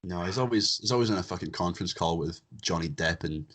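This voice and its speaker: Deep, husky young man joking as host. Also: fast, a bit bright. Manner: jokey, bantering, crude humor. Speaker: podcast host. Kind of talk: casual comedic chat.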